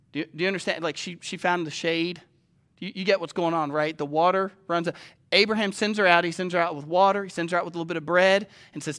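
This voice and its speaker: A man preaches a sermon conversationally, asking his listeners questions and swinging from loud urgency to slow, hushed reading. His voice sits high with a steady tone.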